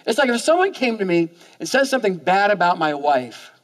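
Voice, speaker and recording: Fast-talking, high-voiced male pastor. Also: very animated. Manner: stammering repeats of words. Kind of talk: sermon. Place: church.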